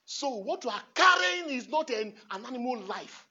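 A man preaching a homily as a priest in church. He repeats phrases emphatically and swings from hushed asides to shouts, laughing often. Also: very high voice, sing-song, normal speed. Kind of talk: impassioned homily. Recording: dull lo-fi recording.

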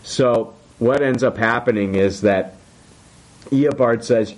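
Excited swearing man recapping a show. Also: mid-range voice, takes it slowly. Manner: excited, swears a lot, acts out quotes. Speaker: podcast host recapping a TV episode. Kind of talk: casual chat.

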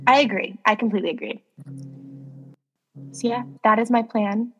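A woman's voice: fairly high pitch, fairly even intonation, moderate pace, long reverb tail, lo-fi sound, a little hiss or hum. A young woman in her twenties co-hosting a casual chat, telling stories with lots of laughs and "like". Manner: chatty, giggly, lots of "like". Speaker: podcast co-host. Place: New York.

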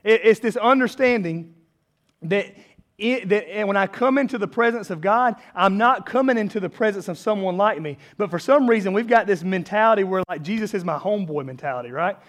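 A man's voice: high voice, lively intonation, a little fast. A man in his thirties preaching a sermon as a pastor, conversational and self-deprecating, building to emphatic peaks.

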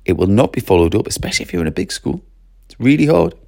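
Gravelly, husky man. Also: medium pitch, quick pace, dry recording, studio quality. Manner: expressive, lively, acts out classroom voices. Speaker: teacher trainer. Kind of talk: animated training talk to teachers.

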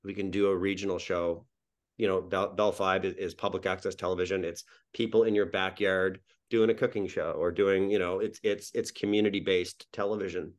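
Low-voiced rambling man from New Brunswick. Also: level tone, fairly quick. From Miramichi, New Brunswick, Canada. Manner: rambling, with frequent restarts and repeated words. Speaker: guest, sitcom co-creator. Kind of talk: casual podcast interview.

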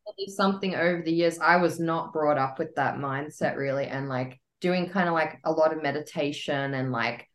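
A woman's voice: low voice, brisk, few pauses. A woman co-hosting a podcast, chatting casually with many fillers. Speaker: podcast co-host. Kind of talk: casual chat.

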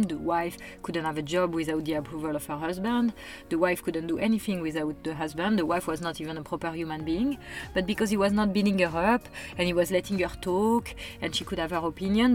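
A woman's voice: on the low side, brisk, few pauses, soft background music. A woman, earnestly making her case in a casual conversation. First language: French. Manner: earnest, emphatic, persuasive.

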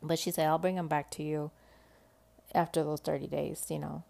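A woman's voice: low-pitched, level tone, normal speed, gravelly, dark tone. A young woman telling a personal story in a chatty, rambling way, full of "like" and "you know". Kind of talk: casual storytelling.

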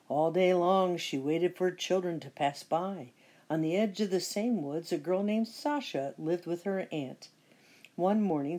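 Husky, animated woman reading a storybook. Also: deep voice. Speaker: storybook reader. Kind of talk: reading a children's picture book aloud.

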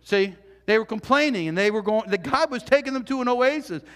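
A male pastor delivering an earnest, animated sermon, full of repeated phrases and questions put to the congregation. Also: extremely high pitch, fairly quick. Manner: earnest, animated preaching with repetitions and rhetorical questions. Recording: reverberant hall.

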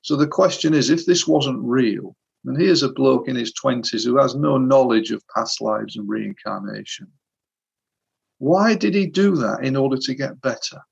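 A man's voice: medium pitch, moderate pace, gravelly, husky, lo-fi sound. A man who works as a hypnotherapist, earnestly recounting a session in an interview. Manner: earnest, vivid retelling. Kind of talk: storytelling in an interview.

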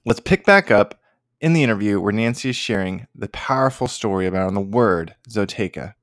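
A man's voice: on the low side, lively intonation, normal speed, no room sound, studio quality. Emphatic male podcast host. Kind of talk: scripted podcast intro.

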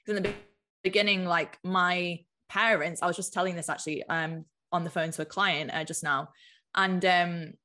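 A woman's voice: lowish voice, steady tone, normal speed, sharp tone. A woman from the United Kingdom, a business mentor chatting casually as a podcast guest, filling her talk with "like". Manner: chatty, lots of filler "like".

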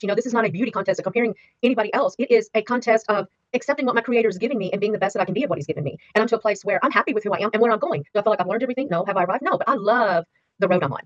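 A woman in her sixties recounts her life in a candid interview, talking at a rapid clip and repeating words for emphasis. The sound is dry and a little dull, as from a modest lo-fi setup. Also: medium pitch, no room sound. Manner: emphatic, fast, repeats key words for weight. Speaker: interview guest. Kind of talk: candid personal storytelling interview.

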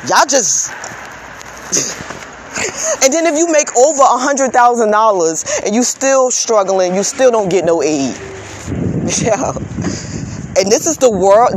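A woman's voice: mid-range voice, slight background noise. A woman vlogger delivering an impassioned, profane rant. She stammers into restarts and keeps throwing rhetorical questions at her viewers. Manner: fervent and preachy, prone to stammered restarts. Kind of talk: impassioned social media rant.

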